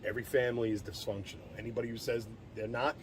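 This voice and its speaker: A man rambling through band stories in loose casual chat, breaking off sentences and starting over. A faint hiss of noise sits under his voice, which has a middle pitch for a man. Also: fairly even intonation, racing. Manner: rambling, profane, trails off mid-sentence. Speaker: band member, guest.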